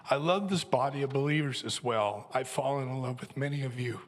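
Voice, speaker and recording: A man's voice: mid-range voice, a little fast, hardly any pauses, big-room sound. A seventy-year-old man from Southern California, humbly and emotionally introducing himself as an elder candidate on a church stage with a handheld mic. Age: 70s. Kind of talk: personal testimony on stage. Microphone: handheld microphone.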